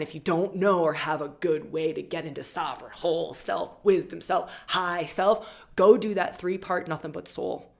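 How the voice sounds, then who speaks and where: A woman's voice: low-pitched, gravelly. A woman in her forties giving a casual, fervent spiritual talk on astrology. She swears freely and keeps asking "right?". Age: 40s. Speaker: astrologer and membership host.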